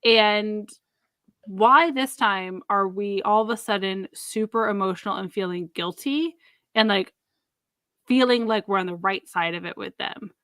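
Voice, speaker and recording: Animated woman podcast co-host, dry sound. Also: medium pitch, measured pace, no echo. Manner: animated, rambling, laughs easily, swears. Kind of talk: casual podcast chat.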